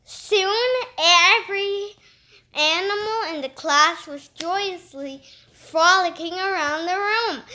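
A woman reading a children's story aloud in an expressive, lively way. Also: very high voice, slow, a little hiss or hum. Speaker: storybook reader.

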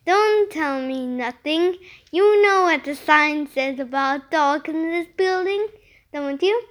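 A child reader voicing a nosy, suspicious older woman neighbor who asks prying, drawn-out questions. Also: sits high, a bit bright.

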